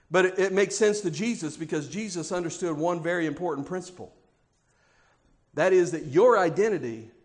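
A male pastor preaching with a high voice. He drives his points home with emphatic, repeated phrases that build toward each line's close. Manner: emphatic, repetitive preaching cadence. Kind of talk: sermon.

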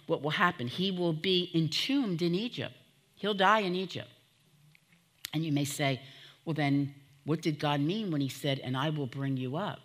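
A woman's voice: sits low, moderate pace. A woman preaching a sermon to her church, fervent and emotional, calling out to the congregation as she teaches from scripture.

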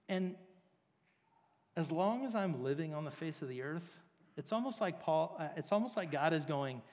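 Guy preaching kinda chatty, lots of likes and ums, higher voice, big reverb. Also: expressive, normal speed. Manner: casual, filler-heavy, storytelling. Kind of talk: conversational sermon. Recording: long reverb of a large hall.

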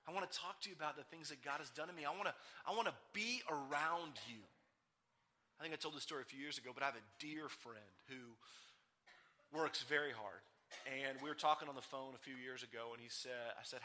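A middle-aged male pastor giving a sermon, telling personal stories in a conversational way that jumps now and then into loud, excited bursts. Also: medium pitch, fast.

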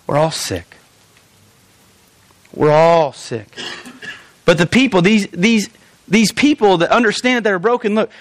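A male pastor preaching a sermon in a church, animated and often acting out quoted voices. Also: sits high, no room sound.

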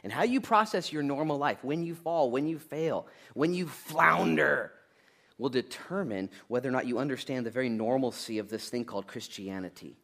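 A man in his thirties preaching a sermon, jokey and animated, swinging between loud bursts and quiet asides. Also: medium pitch, moderate pace, gravelly. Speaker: pastor.

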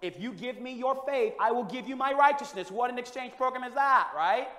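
High-voiced preacher shouting in an echoing hall. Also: male voice, brisk, few pauses. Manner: swings from hushed to shouting. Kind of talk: revival sermon. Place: church sanctuary. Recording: echoey hall with long reverb.

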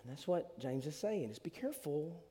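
A man, preaching a sermon as pastor, telling stories with big swings between loud and hushed delivery. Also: on the high side, very animated, normal speed, slightly rough. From Alabama. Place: church hall. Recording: long hall reverb.

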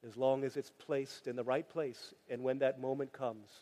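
A man preaching a sermon as pastor, animated and joking, acting out the voices of the people he quotes. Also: medium pitch, moderate pace. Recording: long hall reverb.

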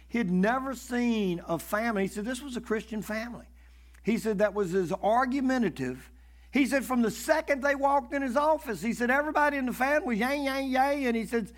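Male preacher, high-pitched voice, animated sermon storyteller, stammers and repeats words. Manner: animated, swings between loud and hushed.

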